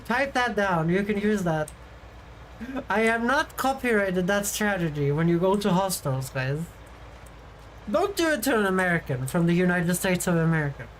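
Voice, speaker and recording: A woman's voice: mid-range voice, lively intonation, moderate pace, slight background noise, rough recording. A woman streaming from her desk, telling travel stories in a casual, chatty way and laughing often. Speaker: VTuber streamer. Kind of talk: casual stream chat, storytelling.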